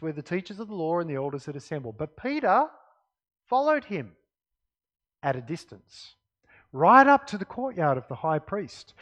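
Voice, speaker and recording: A man delivers a sermon with a high voice. His pitch swings widely as he reads scripture and drives home each point. He often drops to quiet emphasis. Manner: expressive Bible reading, dropping to quiet emphasis. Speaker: preacher.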